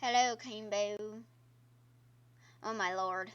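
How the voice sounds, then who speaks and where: A woman's voice: mid-range voice, fairly even intonation, slow pace, highs cut off. A woman streamer giving casual gameplay commentary, chatty and exclaiming at the game while talking to her viewers. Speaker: gaming streamer. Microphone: own microphone.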